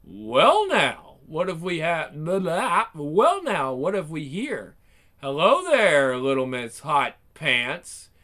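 A man voicing a cocky, sarcastic male action hero in a one-man game fan dub, trading one-liners and battle yells. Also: a little high, huge pitch swings, takes it slowly, heavily acted.

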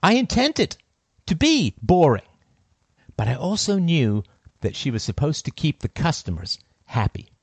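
A man telling a first-person story in a cold, deliberate, sardonic way. His pitch swings widely as he moves through the lines, and the sound is dry and close. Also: sing-song, husky, no echo.

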